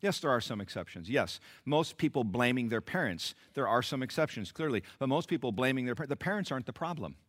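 Animated preacher with a bright, lively voice. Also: male voice, fast, few pauses. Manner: dramatic preaching, swings from low and intimate to loud exclamations; acts out the voices of the people in the text. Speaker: pastor. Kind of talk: sermon.

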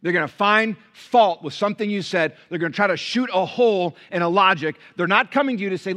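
High bright-voiced pastor preaching animatedly. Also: male voice, brisk, hardly any pauses. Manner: animated preaching, swings from loud to hushed. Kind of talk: sermon. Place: church.

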